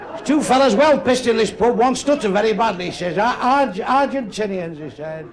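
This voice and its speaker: Older stand-up, blunt and deadpan, raised gravelly voice, live club with a faint crowd. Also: male voice, sits high, a little fast. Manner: blunt, crude, deadpan delivery. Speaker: stand-up comedian. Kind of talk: stand-up joke telling. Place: comedy club stage. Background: audience laughter.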